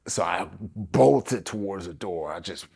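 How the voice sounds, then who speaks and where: A man in a very low voice. As a podcast guest telling his story, he is animated and acts out what people said, with plenty of "like" and "you know" along the way. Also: unhurried, creaky, husky. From the Bronx, New York. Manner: animated storyteller, acts out quotes, many fillers. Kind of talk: storytelling interview.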